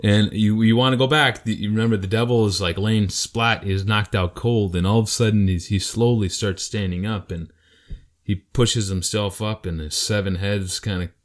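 Lively low-voiced man teaching scripture. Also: normal speed. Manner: animated storyteller, acts out voices. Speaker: podcast co-host teaching Bible passages. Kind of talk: casual Bible study talk.

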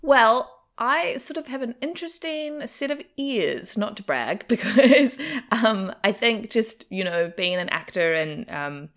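Chatty woman with a faint Kiwi accent. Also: medium pitch. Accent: faint New Zealand. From New Zealand. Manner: chatty, laughs often, animated. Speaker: actor and comedian interviewee. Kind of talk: casual interview chat.

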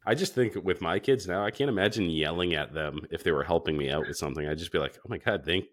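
Guest, man in his 40s: extremely deep voice, easygoing and a bit profane. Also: fast. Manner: relaxed, swearing, storytelling. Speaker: podcast guest. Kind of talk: casual chat.

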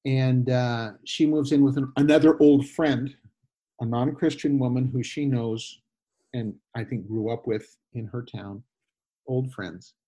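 A husky man recounts a story as an interview guest. He talks animatedly, jumping into quoted voices and often restarting his sentences. His pitch sits in an ordinary middle range. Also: steady tone, unhurried, warm tone. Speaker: guest, former missionary. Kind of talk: conversational storytelling.

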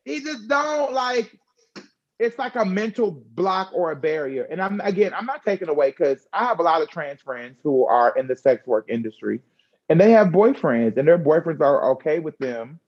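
A woman talking candidly in a conversational chat, frank and expressive with slangy asides. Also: medium pitch, lo-fi sound.

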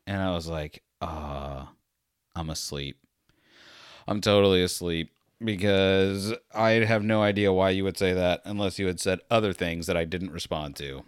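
A man's voice: low voice, fairly even intonation, moderate pace, few pauses, clean tone, dry recording, clean studio sound. A man hosting a solo podcast who talks in a casual, rambling, self-deprecating monologue. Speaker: podcast host.

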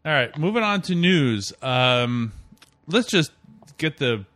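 A man's voice: a little high, big pitch swings, slow pace, fairly bright tone. A man hosting a casual gaming podcast, chatty and opinionated, steering the conversation through the news. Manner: chatty, opinionated, leads the topics. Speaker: podcast host.

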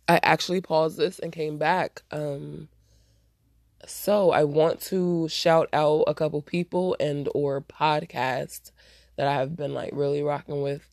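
A woman's voice: deep voice, flat delivery, unhurried, creaky, darkish tone, no echo, clean studio sound. A woman hosting her own podcast, talking bluntly and profanely in a casual solo rant, with a stuffy nose. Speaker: podcast host.

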